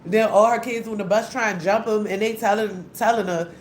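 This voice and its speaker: A woman's voice: mid-range voice, fairly even intonation, a little fast. A young woman, delivering a heated, blunt, profanity-laced rant as a vlogger. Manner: heated, blunt, repetitive, swearing often. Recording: echoey room with faint hum.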